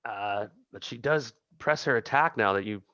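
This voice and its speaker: A man narrating as game master, chuckling and halting with many restarts. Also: fairly low pitch, sharp tone, no room sound, muffled recording.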